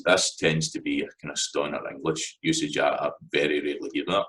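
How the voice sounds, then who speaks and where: A man's voice: very deep voice, little pitch movement, a little fast, hardly any pauses, a bit bright, low-quality recording. A Scottish man giving a casual spoken lesson, loose and conversational, often checking in with "right?". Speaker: language teacher.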